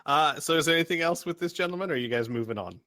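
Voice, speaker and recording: A man's voice: a little high, animated, racing, pushed and bright. A man narrating as game master in a casual, chatty way, with fillers and laughter.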